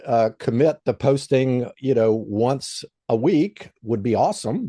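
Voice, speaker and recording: A man's voice: mid-range voice, mellow, no room sound, clean studio sound. A man who is a guest on an interview show, explaining in a plain, conversational way with frequent "um" and "you know.". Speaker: guest expert.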